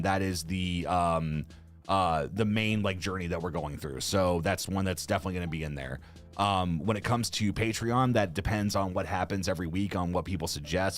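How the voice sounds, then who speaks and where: A man co-hosting a casual live stream, rambling with lots of fillers and frequent laughs. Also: low voice. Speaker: co-host of a music reaction channel. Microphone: studio microphone.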